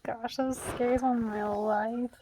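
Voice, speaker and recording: A woman's voice: a little high, steady tone, brisk, dark tone, slight background noise. A young woman vlogger telling a story in a casual, rambling way, full of "like" fillers, still shaken and jittery.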